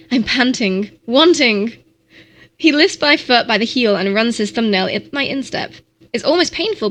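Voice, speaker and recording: A woman's voice: a little high, pushed and bright. A woman streamer reading a novel aloud in a mock-dramatic style, sometimes stumbling over words.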